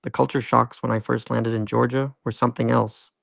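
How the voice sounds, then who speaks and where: Gravelly Dublin man spinning a yarn. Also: medium pitch, little pitch movement, fairly quick, a bit bright, dry recording. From Ireland. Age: 50s. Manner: wry, humorous anecdotal delivery. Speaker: school bus driver. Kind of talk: personal storytelling monologue.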